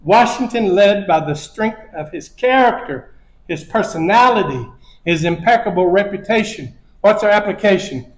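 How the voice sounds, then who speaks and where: High-voiced man preaching in an echoey church. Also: animated, normal speed. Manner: storytelling with repeated phrases and chuckles. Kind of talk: sermon lesson.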